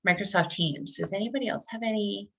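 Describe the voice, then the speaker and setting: A woman's voice: mid-range voice, quick pace, creaky, sharp tone, husky. A woman presenting a live online tech workshop for teachers, chatty, with lots of fillers and restarts. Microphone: computer mic on a video call. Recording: dull lo-fi online call audio.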